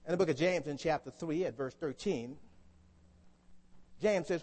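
A man's voice: fairly high pitch, normal speed, long pauses, darkish tone, breathy edge. A man preaching a sermon to a congregation, often asking them questions to draw them in. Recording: long hall reverb.

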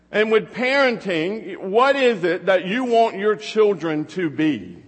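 A man's voice: high voice, husky, in a large hall. A man in his thirties preaching a conversational sermon, telling family stories and asking rhetorical questions. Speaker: pastor.

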